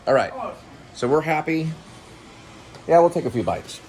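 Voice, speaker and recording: A man's voice: fairly high pitch, lively intonation, moderate pace, a little mellow, slight background noise. A middle-aged man, co-host of a home vlog, chatting casually over a meal and often losing his train of thought.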